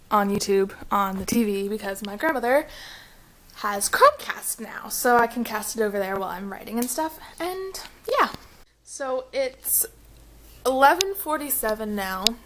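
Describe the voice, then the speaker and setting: A woman's voice: a little high, expressive, unhurried, fairly bright tone, low-quality recording. A young woman chatting casually in a vacation vlog, rambling along with lots of "um" and "like". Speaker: vlogger.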